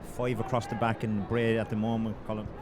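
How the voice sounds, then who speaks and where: A man giving relaxed, chatty co-commentary at an outdoor football match. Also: lowish voice, a little fast. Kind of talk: casual match analysis. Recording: noisy outdoor stadium, off-mic.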